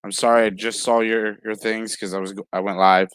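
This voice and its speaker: A man's voice: lowish voice, level tone, fairly quick, a bit bright, clean tone, no echo. A man hosting a casual comics livestream, talking loosely while juggling guests and the chat. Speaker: livestream host.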